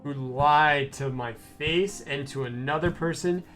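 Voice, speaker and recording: A man's voice: on the high side, unhurried, a bit bright. A young man streaming a game, telling a rambling story in a casual way, with restarts and swearing. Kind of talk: casual gameplay stream chat. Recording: stream with faint game music.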